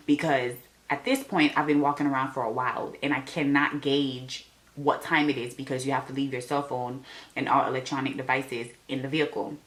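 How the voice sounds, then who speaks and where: A young woman vlogger telling an animated storytime, acting out the people she quotes. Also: a bass voice, fairly quick. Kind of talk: storytime vlog.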